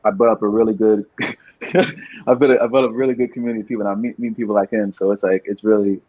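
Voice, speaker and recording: A man's voice: lowish voice, steady tone, quick pace, dry recording. A young man talking as a podcast guest in casual chat, rambling and repeating words, laughing often. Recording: dull, muffled dry sound.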